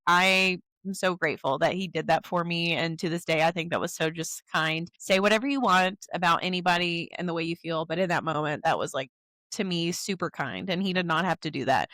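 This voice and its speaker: Brief: young woman, podcast co-host, lively storyteller who voices the people she quotes, dry close sound. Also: on the low side, no room sound. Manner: animated storyteller, acts out quotes in changed voices. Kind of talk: casual chat.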